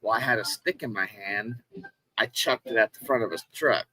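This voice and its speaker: A man in casual conversation, swearing freely and retelling a roadside run-in with animated energy. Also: on the low side, moderate pace, a little hiss or hum, poor audio. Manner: profane storyteller, animated retelling of a confrontation. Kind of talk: casual chat.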